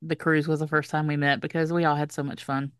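A woman co-hosts a podcast in easy casual chat, teasing and laughing often. Her voice is a little low and recorded dry. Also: flat delivery, fast talker, smooth, no echo.

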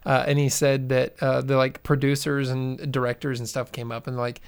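A man's voice: mid-range voice, monotone, moderate pace, clean tone, no room sound. A man co-hosting a podcast in casual chat, loosely retelling anecdotes with many fillers. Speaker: podcast co-host.

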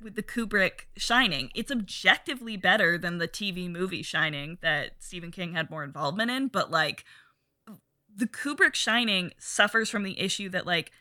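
A woman chatting casually about movies as a podcast co-host, animated and swearing as she acts out film lines. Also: lowish voice, normal speed, no echo.

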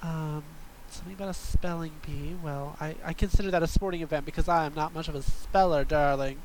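A man's voice: a little high, steady tone, brisk, darkish tone, slight background noise, close to an everyday voice, poor audio. A man voicing a campy, sassy drag queen bouncer who calls everyone darling and swings between sweetness and dramatic outbursts, in an improvised comedy sketch. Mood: campy chatty. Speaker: podcast host in character.

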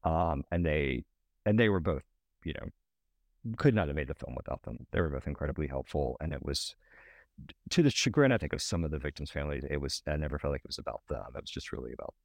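A man's voice: rumbling low, very animated, vocal fry, no echo. A man from Alabama, a documentary director, talking thoughtfully in an interview with many restarts. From Birmingham, Alabama. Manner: thoughtful, halting, restarts often. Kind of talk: casual interview talk.

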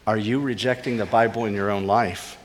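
A man preaching a sermon with earnest emphasis, his voice rising on key points and dropping to soft, low asides. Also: steady tone, brisk, in a large hall. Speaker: pastor.

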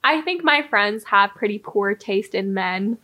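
A young woman in her twenties, a guest in a casual chat, telling lively stories and laughing often. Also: mid-range voice, measured pace. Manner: animated storyteller, laughs often, acts out quotes. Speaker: guest, influencer.

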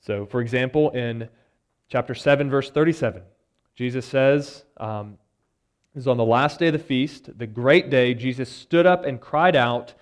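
A man's voice: medium pitch, moderate pace, clean tone. Man preaching a conversational sermon. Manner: conversational teaching, retells scripture scenes with lively quoted voices; frequent "uh" and "um" fillers. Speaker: church elder preaching. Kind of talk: expository sermon.

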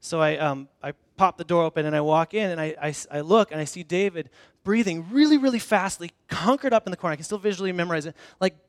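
High-voiced man preaching casually. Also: fast, no room sound, clean studio sound. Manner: casual storytelling with frequent restarts; self-deprecating humor. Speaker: pastor. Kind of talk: conversational sermon. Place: church hall before a congregation.

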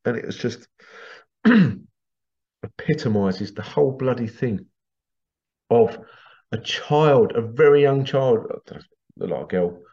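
A man's voice: medium pitch, lively intonation, slow, pauses often, mellow, dull audio. A man hosting a podcast monologue, ranting in an indignant, sarcastic way and swearing casually. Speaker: podcast host.

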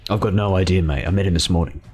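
A man voicing a rough male bounty hunter who keeps calling people mate, blunt and mercenary, in a tabletop game. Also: low-pitched, steady tone, very fast, darkish tone, faint music behind. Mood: gruff.

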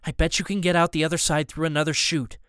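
A man doing a hurried, casual young galley worker. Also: fairly high pitch, flat delivery, fairly bright tone, clear, resonant tone, no room sound, clean studio sound, close to an everyday voice.

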